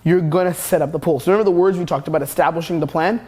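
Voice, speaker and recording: Fast-talking brash young man coaching. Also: on the high side, mellow. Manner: brash, profane, rapid-fire coaching talk. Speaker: dating coach. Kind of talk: instructional course lecture.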